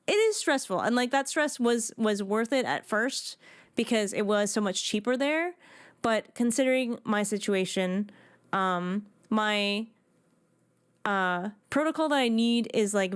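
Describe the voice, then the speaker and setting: A woman in her thirties chatting casually with viewers on a live game stream, excitable and prone to restarting her sentences. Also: mid-range voice, smooth, dry recording, clean studio sound.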